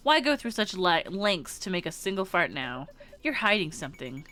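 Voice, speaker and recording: A woman's voice: on the low side, big pitch swings, normal speed, sharp tone. A woman voicing a blunt, nerdy teenage girl in a video game, lecturing in a dry, precise way.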